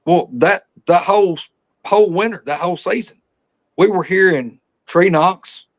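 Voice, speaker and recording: A man's voice: high voice, moderate pace, dull audio. A man telling a hunting story as a podcast guest, folksy and rambling, often restarting his sentences. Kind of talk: casual storytelling.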